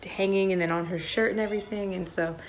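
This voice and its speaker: Young woman, worn-out mother, casual vlog chatter, mid pitch, lots of vocal fry. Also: steady tone, fast. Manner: tired, chatty, sighing, many "like"s. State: exhausted. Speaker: family vlogger, mother. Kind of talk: casual home vlog talk. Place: messy family home, indoors. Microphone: phone held while filming.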